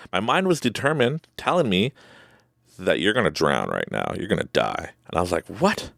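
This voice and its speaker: A man's voice: deep voice, gravelly, no echo, studio quality. A man hosting a podcast, telling a personal story casually and with animation, acting out his own reactions and laughing often. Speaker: podcast host.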